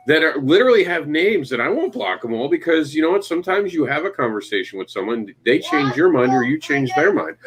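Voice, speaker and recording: Man, casual podcast chat, animated, jokey, lively pitch, mock voices. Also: breathy edge. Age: adult father. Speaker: podcast co-host.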